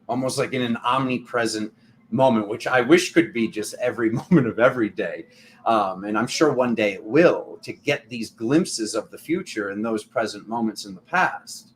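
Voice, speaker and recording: A man hosting a tarot channel, giving a casual spiritual talk in a rambling, animated way full of restarts and fillers. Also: medium pitch, slight background noise.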